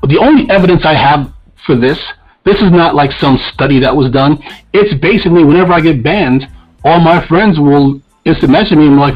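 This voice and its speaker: A man's voice: a little high, breathy edge, dull audio. A man co-hosting a podcast in casual, opinionated talk, blunt and profane as he rants. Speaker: podcast co-host.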